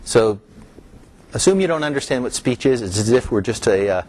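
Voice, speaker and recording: A man's voice: mid-range voice, animated, brisk, a little mellow. A middle-aged man giving an academic lecture, explaining step by step and lifting his voice on key terms. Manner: explanatory, rising emphasis on key terms, some restarts.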